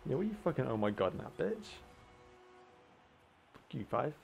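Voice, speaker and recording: A man's voice: medium pitch, big pitch swings, normal speed, vocal fry, soft background music. A man commentating his own online gameplay in casual, sarcastic banter, cursing and exclaiming at his teammates. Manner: frequent exclamations and laughs.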